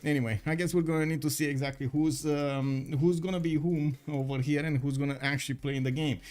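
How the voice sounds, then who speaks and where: Guy casting a strategy game live, kinda high voice, lots of uhs, says hi to everyone. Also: fairly even intonation, fairly quick, a little mellow. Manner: chatty, greets viewers politely, frequent "uh" fillers. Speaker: esports caster. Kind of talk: live-streamed game commentary.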